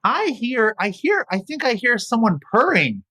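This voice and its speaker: A man's voice: very high voice, very animated, normal speed, sharp tone, husky. A man leading a children's yoga storytime, playful and encouraging, with little sound effects along the way. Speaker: kids' yoga instructor.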